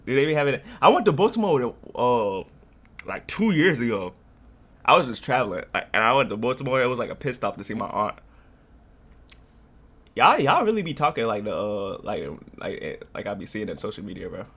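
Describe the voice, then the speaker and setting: A man's voice: medium pitch, very animated, brisk, fairly bright tone, husky. A young man from North Carolina rambling in slangy casual reaction commentary. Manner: rambling, slangy, laughing storyteller. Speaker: reaction streamer.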